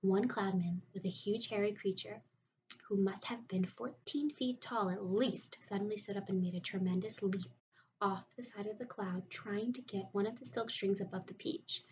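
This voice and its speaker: Expressive woman reading a children's book. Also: mid-range voice, moderate pace, far from the mic, a little hiss or hum, low-quality recording. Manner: expressive storytelling. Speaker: narrator. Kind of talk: audiobook reading of a children's novel.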